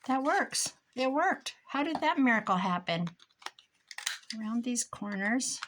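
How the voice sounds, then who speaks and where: A woman's voice: fairly high pitch, lively intonation, unhurried, background noise. A middle-aged woman rambling casually to herself and her viewers as she works on a craft project at her desk, with chatty asides. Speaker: crafting YouTuber. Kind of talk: casual crafting chat while working.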